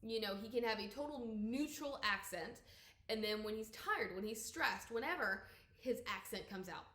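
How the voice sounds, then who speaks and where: A young woman with a light Southern US accent, giving a casual, opinionated spoken book review with lively emphatic rises. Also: a little high, normal speed, reverberant.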